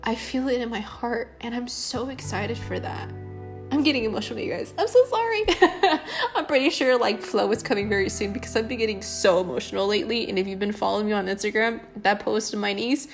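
A woman's voice: mid-range voice, fairly even intonation, brisk, few pauses, faint music behind. Earnest young woman podcast host. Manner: earnest, rambling, with frequent ums and laughs. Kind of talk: casual solo podcast talk.

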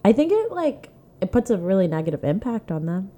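A woman's voice: mid-range voice, big pitch swings, a little fast, dark tone. A woman hosting a casual podcast chat, talking in a chatty way full of "like" as she recounts stories. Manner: chatty, lots of "like", acts out quoted exchanges. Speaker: podcast host, comedy club manager.

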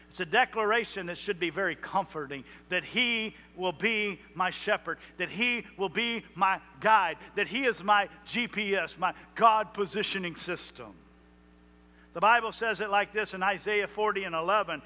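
A male pastor preaching a sermon, emphatic, with slow dramatic pauses on key words. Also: high voice, pushed and bright. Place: church sanctuary. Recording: reverberant hall.

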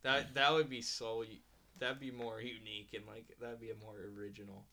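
A chatty man co-hosting a casual podcast, with a bright, forceful voice. He rambles, fills pauses with "like" and "um", and laughs often as he tells stories. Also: medium pitch, level tone. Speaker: podcast co-host. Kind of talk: casual chat.

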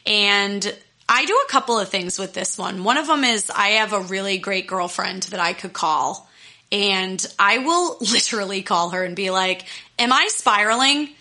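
Speaking at normal speed with a medium-pitched, bright, forceful tone, a young adult female life coach addresses her listeners alone in casual talk. Her advice comes out candid and fired-up, with plenty of free swearing.

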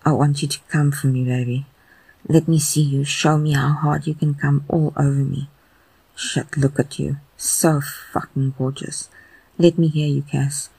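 A reader voicing a slow, husky coaxing man. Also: mid-range voice, level tone, a little mellow, no echo, poor audio. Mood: tender, coaxing. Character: coaxing, affectionate adult man.

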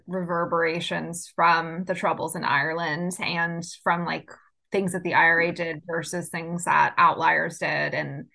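A woman co-hosting a book podcast, summarizing in a relaxed way with hesitant fillers. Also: on the low side, creaky. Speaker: podcast co-host. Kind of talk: casual book club chat.

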